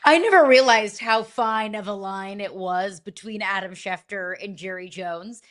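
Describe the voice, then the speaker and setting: A woman co-hosting a sports talk show, chatty and quick to react to her guest. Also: medium pitch. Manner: warm, chatty, laughs along. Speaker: co-host.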